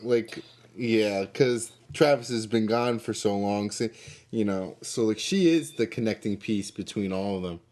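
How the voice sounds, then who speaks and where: Hesitant low-voiced male co-host. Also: unhurried, a little mellow. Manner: hesitant, full of fillers and restarts. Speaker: podcast co-host. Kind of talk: casual TV review chat.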